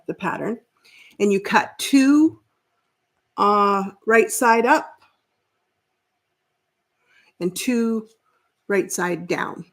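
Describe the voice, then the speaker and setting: A woman hosting a sewing livestream, chatting casually with viewers as she works and thinking out loud with fillers and restarts. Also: mid-range voice. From Canada.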